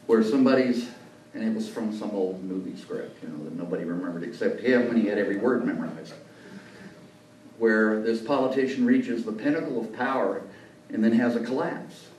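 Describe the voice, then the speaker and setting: A male journalist, invited as guest speaker to a lunch club, tells anecdotes sprinkled with folksy asides in a meeting room. His voice is lowish and a little mellow. The room is echoey, the mic distant, and there's faint noise.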